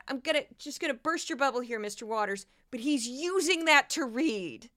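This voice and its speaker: A woman's voice: high voice, very animated, normal speed, a bit bright, no room sound, studio quality. Exasperated sarcastic woman podcaster. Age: 40s. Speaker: podcast host. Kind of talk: casual commentary on news clips.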